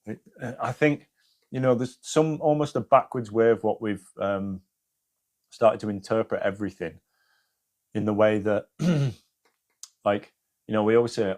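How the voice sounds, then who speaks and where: A man's voice: fairly low pitch, moderate pace, a little mellow. A man hosting a live stream, giving casual spiritual advice to viewers, swearing freely and often checking in with "yeah?".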